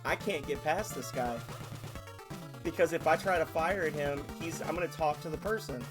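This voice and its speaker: A man streaming a video game live, chatting excitedly with viewers and laughing often. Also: on the high side, moderate pace. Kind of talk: live-stream gaming commentary. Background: video game music.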